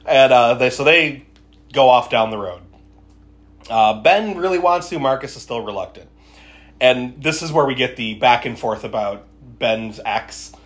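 A woman's voice: a bass voice, a little slow. A woman co-hosting a podcast, casually recapping a slasher film and acting out quoted lines between bursts of laughter. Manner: laughs often, retells scenes with quoted lines. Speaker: podcast co-host. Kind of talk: casual movie recap chat.

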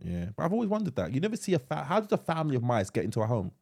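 A man's voice: on the high side, huge pitch swings, racing, vocal fry, darkish tone, slightly rough. A British man in his thirties co-hosting a casual podcast chat, swearing freely and often tripping over and repeating his words. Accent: British English. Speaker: podcast co-host.

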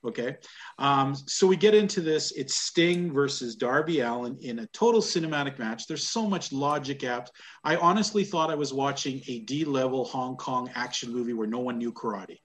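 A Canadian man hosts a casual wrestling review podcast, blunt and sarcastic and often laughing at what he describes. He speaks at normal speed in a mid-range voice.

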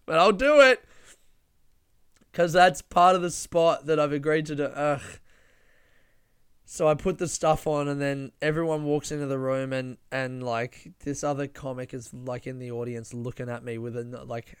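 A young man, a comedian and podcast host, telling a story in a casual, animated way, laughing and swearing often. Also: fairly high pitch, normal speed, clean tone, dry recording, studio quality.

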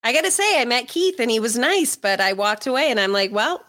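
A woman co-hosting radio, chatting casually. Her pitch sits a little high and swings widely as she teases and speaks bluntly. Her tone is bright and sharp. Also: fairly quick. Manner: animated, teasing, blunt. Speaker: radio co-host. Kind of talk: casual chat.

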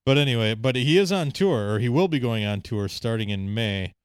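A man's voice: medium pitch, lively intonation, brisk, clean tone, no room sound, clean studio sound. A man hosting a casual podcast, running a quiz game and laughing often between lines. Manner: reads quotes in a mock sexy voice, laughs often.

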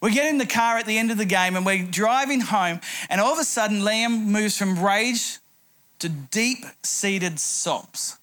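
A man's voice: high voice, a little slow, a bit bright. A middle-aged man preaching a sermon, telling a humorous anecdote as a pastor.

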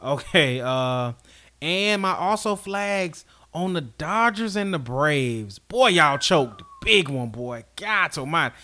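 A man's voice: on the high side, expressive, takes it slowly, pushed and bright. Blunt man ranting on a sports podcast. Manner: blunt, scolding rants. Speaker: podcast co-host. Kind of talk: casual sports chat.

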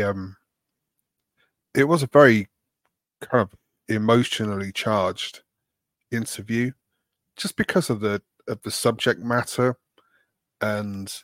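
A man's voice: on the low side, dry recording, studio quality. Rambling man co-hosting a podcast. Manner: rambling, self-deprecating, many fillers. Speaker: podcast co-host. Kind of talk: casual chat.

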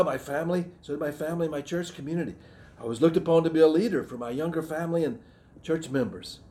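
A middle-aged man with a Southern American accent preaches in an earnest, reflective tone. He restarts phrases often and clears his throat between thoughts. His pitch sits in an ordinary middle range for a man. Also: darkish tone. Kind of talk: sermon.

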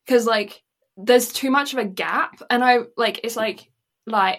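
A woman's voice: a little high, unhurried, pushed and bright. A woman co-hosting a casual podcast, bantering, giggling often and swearing freely. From Canada. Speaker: podcast co-host.

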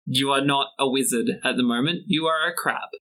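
A man narrating a tabletop game as game master and podcast host, in measured descriptive narration. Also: mid-range voice, rough recording. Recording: soft music under the voice.

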